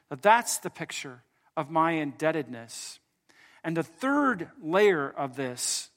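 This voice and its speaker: A pastor preaching a sermon in a slightly raised voice. He tells a story and moves from loud, emphatic lines to quiet, hushed ones. Now and then he jokes with the congregation. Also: high voice.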